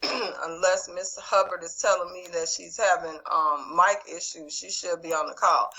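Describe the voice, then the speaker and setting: A woman's voice: fairly low pitch, fairly even intonation, moderate pace, bright, forceful tone, poor audio. A woman teaching over a video call, reviewing a quiz and calling on students by name in an encouraging way. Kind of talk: online class quiz review.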